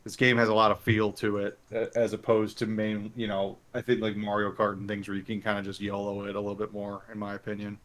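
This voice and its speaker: A man's voice: on the low side, completely flat delivery, fast talker, few pauses, a bit bright. A man chatting casually before a race, hedging his opinions and using lots of fillers. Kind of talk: casual chat.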